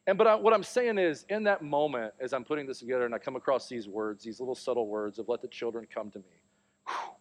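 A man's voice: medium pitch, fast talker. A man in his thirties preaching a sermon, telling a family story and acting out the voices in it. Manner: storytelling, animated, acts out quotes. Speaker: pastor.

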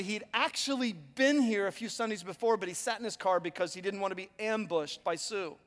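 A man's voice: high-pitched, a bit bright. A male pastor delivering a sermon, telling stories in a conversational, self-deprecating way. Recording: long hall reverb.

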